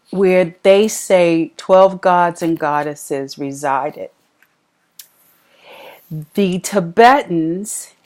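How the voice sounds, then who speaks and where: Slow-speaking woman giving a tarot reading. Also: on the low side, darkish tone. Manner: slow, heartfelt and emotional. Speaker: tarot reader.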